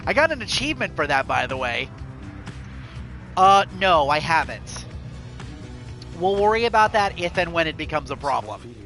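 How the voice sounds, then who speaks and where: Chatty high-voiced male gamer. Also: sing-song, normal speed, pauses often, pushed and bright. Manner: casual, chatty. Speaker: game streamer. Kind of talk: let's-play commentary. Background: game music.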